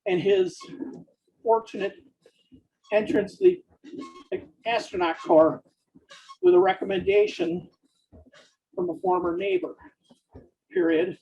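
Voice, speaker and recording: Author dictating his novel: high, lively voice with fry, slow and deliberate, calls out punctuation; muffled lo-fi recording. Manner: speaks punctuation marks aloud, slow and deliberate. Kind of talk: dictating fiction aloud.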